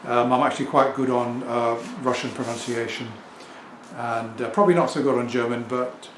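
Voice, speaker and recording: Here a middle-aged English record seller chats at length to his camera, assured and meandering, with an English accent. Pitch is medium, the tone steady and fairly bright, the speed normal. It's recorded in an echoey home room with a turntable and faint ambient noise.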